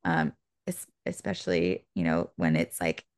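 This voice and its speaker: Young woman podcast co-host, chatty storyteller, heavy vocal fry. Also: very deep voice, normal speed, no room sound, studio quality. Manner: animated, chatty, frequent "like" fillers. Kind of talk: casual storytelling chat.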